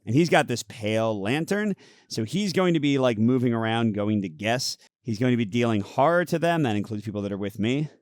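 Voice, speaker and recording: A man hosting a casual playthrough and review of a card game, explaining the rules in a relaxed way. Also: medium pitch, fairly quick, no echo, studio quality. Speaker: host.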